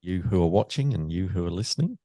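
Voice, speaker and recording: An Englishman hosts a podcast, chatting casually and laughing with his guest in a relaxed interview, often restarting his sentences. His voice sits low with lively intonation, and he talks fast in a warm tone. There's no room sound on the recording.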